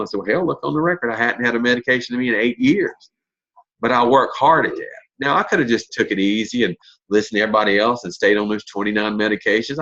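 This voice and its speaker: Lower in pitch with a fairly bright tone, a man in his fifties gives a motivational network marketing talk, spinning blunt, folksy stories with mild cursing. The recording's highs are cut off.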